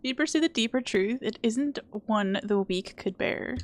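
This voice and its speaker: A woman's voice: fairly high pitch, moderate pace, noisy background, close to an everyday voice. Hornet, a stern warrior woman, as a streamer reads her lines. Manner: cold, challenging, formal. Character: stern lethal young female warrior guardian. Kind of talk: reading game dialogue aloud.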